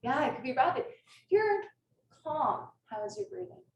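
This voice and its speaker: A woman's voice: high voice, sing-song, normal speed. A woman who teaches kindergarten, giving an earnest, passionate talk to an audience over a video call. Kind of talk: presentation to an audience. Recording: echoey room, distant mic, faint noise.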